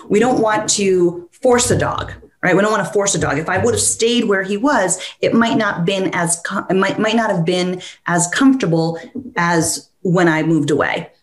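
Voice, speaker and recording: Lively woman dog trainer in an echoey room. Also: fairly low pitch. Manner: animated storyteller who acts out the dog's thoughts in quoted voices. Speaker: dog trainer, podcast guest. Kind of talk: conversational interview, explaining with stories.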